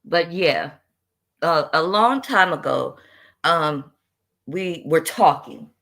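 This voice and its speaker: A woman's voice: sits low, lively intonation, slow, a bit bright. A woman from South Carolina with a Gullah Geechee accent, a panel guest on an online call who hesitates and then cusses back sharply. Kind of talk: heated livestream panel talk.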